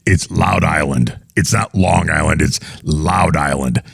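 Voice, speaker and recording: A man's voice: very deep voice, measured pace, vocal fry, slightly rough, no echo, studio quality. A man hosting a comedy show, reacting to clips with rambling, dismissive jokes. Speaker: show host.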